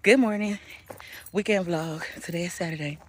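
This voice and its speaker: Chatty mom vlogging outdoors. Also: female voice, fairly low pitch, normal speed, slight background noise. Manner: relaxed and chatty, loud excited cheering from the sidelines. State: slightly winded. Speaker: vlogger, parent at a youth football game. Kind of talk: casual vlog chat. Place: outdoors at a youth football field.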